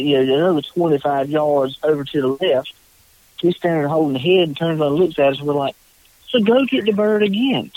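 Brief: man, podcast guest, lively storyteller, dry close sound. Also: fairly high pitch, dry recording, low-quality recording. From North Carolina. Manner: animated, acts out quotes in a raised voice. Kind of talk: casual storytelling.

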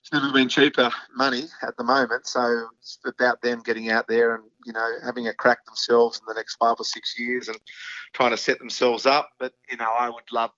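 Medium in pitch with little movement, a bit fast and sharp in tone, a middle-aged Australian foundation founder talks frankly as an interview guest, often using fillers and restarting sentences. The slightly dull lo-fi audio has no echo.

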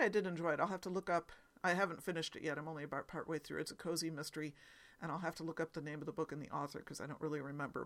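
Congested voice, bright and sharp tone, rambling solo podcast chat, lots of ums. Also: medium pitch. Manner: chatty, rambling, frequent ums and little laughs. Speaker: podcast host.

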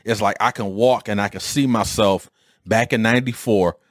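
A man in his forties or fifties from Detroit, telling a casual story on his own podcast with an animated, streetwise delivery and mild swearing. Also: lowish voice, moderate pace, no echo, clean studio sound. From Detroit, USA. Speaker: podcast host.

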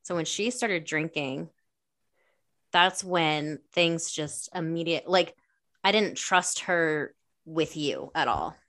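A woman with a lowish voice, talking in a relaxed conversational style. She speaks candidly and reflectively, often slipping into quoted speech as she recalls old conversations. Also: slow. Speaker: podcast co-host, older sister. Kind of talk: casual conversation.

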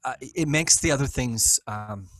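A man, a pastor, chatting excitedly on a church podcast, teasing his co-hosts and restarting his sentences. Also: mid-range voice, normal speed, dry recording. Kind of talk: casual church podcast chat.

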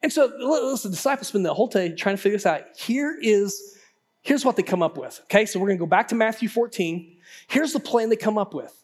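High-voiced male pastor preaching. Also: fast. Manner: conversational and animated, repeats words when excited; talks straight to the congregation. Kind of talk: sermon.

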